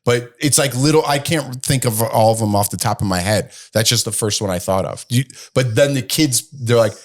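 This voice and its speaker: A man's voice: mid-range voice, moderate pace. Teasing man co-hosting a podcast. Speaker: podcast co-host. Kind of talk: casual chat.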